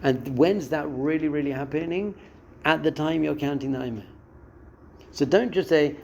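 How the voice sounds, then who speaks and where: Teaching a class, a rabbi speaks at normal speed in a creaky, fairly high voice, a little hiss or hum underneath. He offers a spiritual lesson, expressively acting out a listener's inner voices and quotes.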